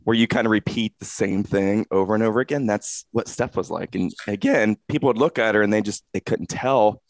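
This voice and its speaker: Casting: middle-aged male guest, lowish voice, relaxed anecdote teller, dry sound. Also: brisk, dry recording. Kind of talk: interview storytelling.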